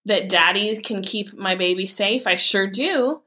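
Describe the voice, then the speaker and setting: A woman, telling heartfelt family stories in an earnest, animated way as a mother. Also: mid-range voice, moderate pace, few pauses. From Michigan, USA. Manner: earnest, heartfelt, animated retelling with quoted dialogue. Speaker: mother sharing a personal story. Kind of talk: personal storytelling talk.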